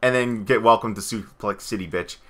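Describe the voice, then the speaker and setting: A man co-hosting a casual podcast chat, rambling excitably with frequent asides. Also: lowish voice, a little fast, a little hiss or hum. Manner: rambling, excitable, slips into goofy impressions. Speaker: podcast co-host.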